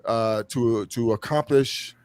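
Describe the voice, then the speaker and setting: A man's voice: medium pitch, slow pace, clear, resonant tone, dry recording. A man, an endurance motorcycle rider, talking earnestly in a casual podcast conversation and repeating phrases for emphasis.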